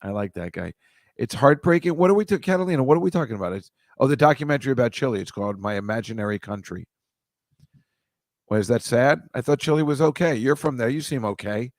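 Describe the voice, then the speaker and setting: A man's voice: medium pitch, animated, quick pace, no echo. A man hosting a live stream, chatting casually with viewers and rambling through a story, cutting himself off and adding joking asides. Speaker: host reading viewer comments.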